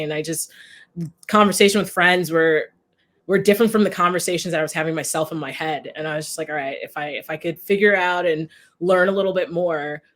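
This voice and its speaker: A young woman from New York, a guest giving earnest, measured interview answers. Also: sits low. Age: young adult.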